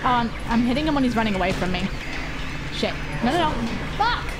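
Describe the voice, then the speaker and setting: A woman streaming a horror game, giving casual commentary, excitable and swearing often as she cheers her character on. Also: a little high, fairly quick, heavy background noise. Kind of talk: casual let's-play commentary. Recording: game music playing behind.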